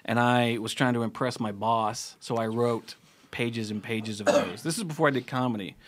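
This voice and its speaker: A man with a Cincinnati accent, a comedian co-hosting a podcast, telling rambling anecdotes with quick restarts. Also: medium pitch, slight background noise. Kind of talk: casual storytelling chat. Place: podcast studio. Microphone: studio mic.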